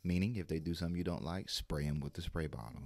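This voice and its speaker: A man's voice: expressive, fast, vocal fry, a little mellow. A man co-hosting a pet podcast in laid-back casual chat. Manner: laid-back, jumps to mock shrill voices when imitating. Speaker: podcast co-host.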